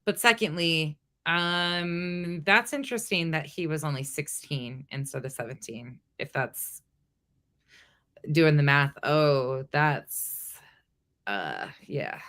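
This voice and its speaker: A woman's voice: deep voice, expressive, slow, a bit bright, smooth. A woman host giving pointed, skeptical commentary on a story she plays. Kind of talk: critical commentary.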